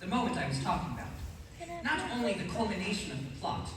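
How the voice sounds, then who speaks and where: A man's voice: high-pitched, animated, quick pace, crowd noise. A teenage boy on stage playing a lonely, wistful musical-theatre fan who confides rueful asides to the audience. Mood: confiding. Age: teens. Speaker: stage actor. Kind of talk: live stage musical acting. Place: large school auditorium stage. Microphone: distant stage recording. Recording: echoey hall from far off, audience noise.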